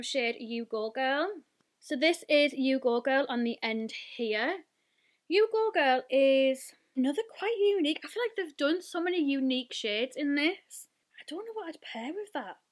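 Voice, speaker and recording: A British woman in her twenties, a beauty vlogger chatting excitedly while unboxing and swatching, gushing with lots of "like" and "oh my god". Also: high voice. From United Kingdom.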